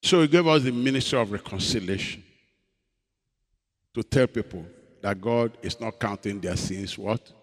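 A man, a pastor preaching a sermon in a dramatic storytelling way, moving between loud emphasis and hushed confession. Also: on the low side, moderate pace, pauses often. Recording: long hall reverb.

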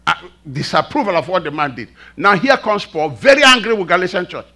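A male preacher delivering a sermon, animated, throwing rhetorical questions at the congregation. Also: high-pitched, a little fast.

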